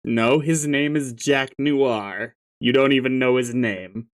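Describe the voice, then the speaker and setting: A man doing a casual read-through of a webcomic, stopping for wry, laughing asides. He talks at a slow, unhurried pace. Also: mid-range voice, steady tone. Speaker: webcomic read-along host.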